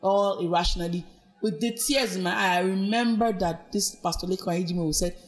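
A woman's voice: fairly low pitch, fairly quick, soft background music. Earnest woman with a Nigerian accent. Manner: earnest, reflective storytelling with faith references. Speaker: guest, abuse survivor. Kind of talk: personal testimony in a podcast interview.

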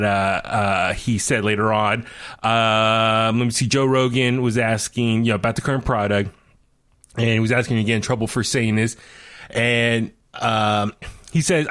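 A man's voice: mid-range voice, normal speed, fairly bright tone. Male podcast host, casual, loose, rambling with lots of "uh" fillers and easy laughs. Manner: rambling, many fillers and restarts, laughs often. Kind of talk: casual chat.

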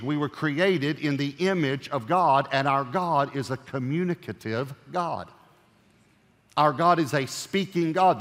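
A man preaching a sermon as pastor, animated and joking, swinging from loud punchy lines to hushed earnest ones. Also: on the high side, big-room sound.

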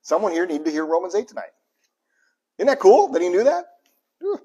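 A pastor preaching a live sermon with passion, dropping to a hush and then bursting out loud, chuckling between points and repeating lines for emphasis. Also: male voice, high-pitched, big pitch swings, brisk, breathy edge, lo-fi sound. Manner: impassioned preaching, swings from hushed to loud bursts.

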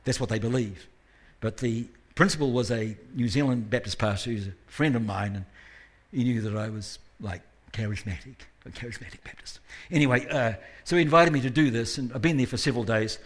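A guest preacher with a husky, slightly breathy, medium-pitched voice moves briskly through his sermon at a church service. He sounds conversational, throws in jokes at his own expense, and raises his voice to underline key points.

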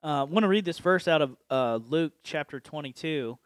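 A man's voice: a little high, clean tone, no room sound. A man hosting a casual Christian podcast, explaining ideas with examples and laughing often. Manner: animated, laughs often, acts out quick voices. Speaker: podcast host.

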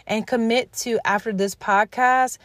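A woman's voice: a little high, steady tone, measured pace, fairly bright tone, no room sound. Woman, motivational podcast host, earnest, encouraging, talks straight to listeners, dry close sound.

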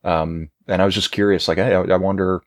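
A man's voice: low-pitched, flat delivery, fairly quick, no room sound, studio quality. A man co-hosting a casual podcast, thoughtful and hedging, with many fillers. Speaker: podcast co-host. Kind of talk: casual chat.

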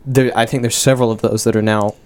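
A young American man, a student actor, explaining rehearsals in a measured way in a radio interview. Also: mid-range voice, level tone, a little mellow. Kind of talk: casual interview chat. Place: radio studio.

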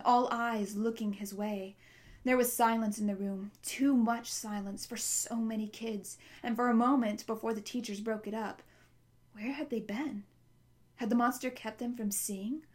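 A woman narrating a novel at a steady pace, with small slips now and then. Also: a little high. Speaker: audiobook narrator. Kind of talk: reading a novel aloud.

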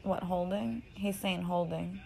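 A woman casually telling a story in an animated, profane, slangy way, often laughing. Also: fairly low pitch, unhurried, vocal fry, a little hiss or hum, rough recording. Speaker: storyteller recounting a game.

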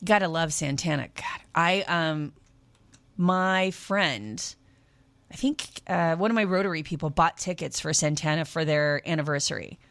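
A woman's voice: sits low, measured pace, fairly bright tone, no echo. A middle-aged woman hosting a casual radio deal segment, chatty and upbeat, drifting into tangents with laughs. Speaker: radio host. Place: radio studio.

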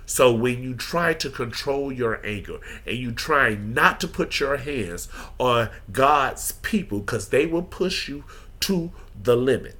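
Man, podcast host, bright tense voice, earnest, preacher-like delivery. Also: mid-range voice, expressive, slow. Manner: earnest, preacher-like, emotionally open. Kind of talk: candid personal monologue.

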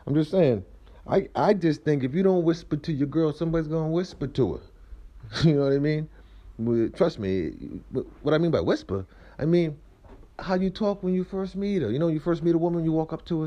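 Man in his 30s, rambling comic rant, high-ish voice, big pitch swings, muffled lo-fi home recording. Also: a little fast. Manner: animated, ranting, profane, swings between high squeals and low mumbles. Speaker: vlogger. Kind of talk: rambling comedic monologue. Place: his house, indoors, walking around.

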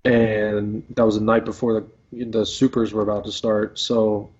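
A man's voice: on the low side, level tone, moderate pace, darkish tone, slightly rough. A man in his twenties, a pro baseball player, telling a story casually in an interview with lots of fillers and restarts. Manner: rambling, filler-heavy, laid-back. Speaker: professional baseball player guest. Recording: dull lo-fi audio.

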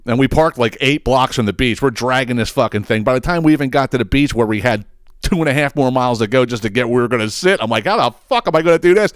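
A man's voice: mid-range voice, quick pace, clear, resonant tone, no echo, studio quality. A man, hosting a podcast and telling a rambling, profane story in casual chat. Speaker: podcast host.

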